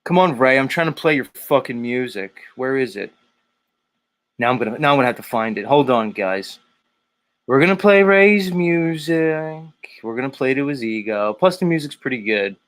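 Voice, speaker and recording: A man's voice: medium pitch, a little fast. Laughing, profane man hosting a livestream. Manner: laughing, profane, teasing chat. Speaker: livestream host. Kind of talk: casual livestream chat. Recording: guitar music playing behind. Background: guitar music.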